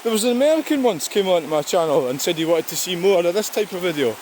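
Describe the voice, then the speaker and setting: A Scottish man rambles to his camera while walking outdoors, his voice slightly high for a man. He talks casually and swears now and then. A clear, rushing stream runs under everything he says. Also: expressive, darkish tone, a little hiss or hum. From Scotland. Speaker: vlogger. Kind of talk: casual walking vlog talk. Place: outdoors by a river and waterfall.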